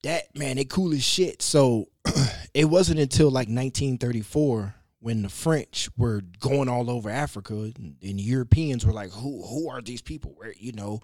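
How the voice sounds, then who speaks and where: A man telling a story in a casual conversation, loose and animated, with slang, cursing and frequent restarts. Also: mid-range voice, normal speed, few pauses, no echo, studio quality.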